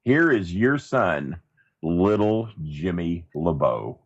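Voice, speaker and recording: A man's voice: sits low, sing-song, slow, dull audio. A man guesting on a comedy podcast, talking in a theatrical, announcer-like, mock-sentimental way.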